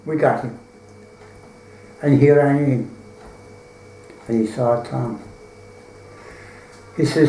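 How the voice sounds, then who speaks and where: A man's voice: mid-range voice, a little slow, creaky, long pauses, dark tone, reverberant, a little hiss or hum, rough recording. An Irish man telling a folk tale in a rambling, colloquial way, full of swearing. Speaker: storyteller.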